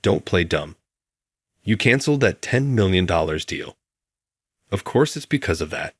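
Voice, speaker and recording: A man voicing a shrill, spoiled, mean middle-aged woman who accuses and demands. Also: lively intonation, moderate pace, husky, dry recording, clean studio sound. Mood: shrill accusing.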